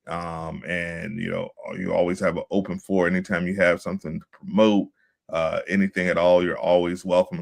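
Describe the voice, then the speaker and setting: A man's voice: sits low, creaky. A man from Virginia hosting a casual interview, talking in an upbeat hype style with punchy catchphrases. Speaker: podcast host.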